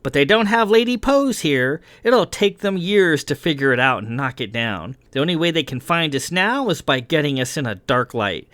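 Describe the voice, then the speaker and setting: A man doing a gushing, high-pitched young woman. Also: very animated, normal speed, hardly any pauses, fairly bright tone, no echo, studio quality. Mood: excited. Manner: gushing, slangy. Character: brash excitable young woman engineer.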